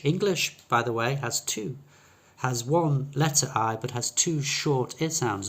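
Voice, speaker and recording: A man's voice: medium pitch, measured pace, fairly bright tone. A man teaching English pronunciation, explaining patiently with fillers and restarts and demonstrating sounds by contrasting them. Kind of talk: pronunciation lesson.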